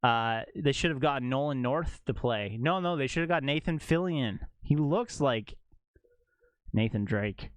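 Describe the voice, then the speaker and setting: An animated male streamer in casual live chat, his voice leaping around in pitch as he rants. The sound is close and dry, with no room echo. He swings from low grumbles to sudden high exclaims. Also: measured pace, smooth. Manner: animated ranting, jumps to high exclaims and laughs.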